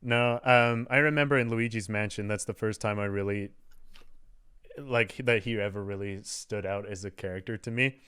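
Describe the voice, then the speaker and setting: A young man chatting easily as a co-host, his voice smooth and clean. He laughs a lot and keeps dropping into squeaky cartoon impressions. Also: fairly even intonation, moderate pace, pushed and bright. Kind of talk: casual chat.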